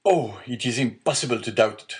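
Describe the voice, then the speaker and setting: A man's voice: mid-range voice, moderate pace, lightly acted. A man voicing a stern male magistrate who hides his panic in a read-aloud storybook, with a curt, commanding delivery.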